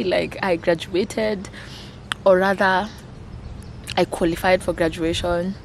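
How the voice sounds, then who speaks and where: A woman's voice: on the low side, fairly even intonation, measured pace, slight background noise. A Kenyan woman in her twenties, talking to camera in a casual vlog, emotional and gushing, repeating her phrases. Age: 20s. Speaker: vlogger.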